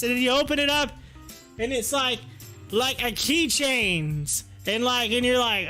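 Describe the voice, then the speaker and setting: A man hosting a live stream and reading viewer chat aloud, animated, laughing often and repeating his phrases. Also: very high voice, moderate pace, faint music behind.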